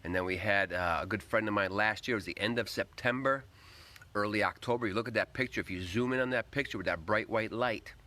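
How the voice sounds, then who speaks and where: Low-voiced man chatting on a livestream. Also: fast talker, bright, forceful tone. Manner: greets viewers by name, upbeat and rambling; talks while eating. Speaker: livestream host. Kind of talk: casual livestream chat.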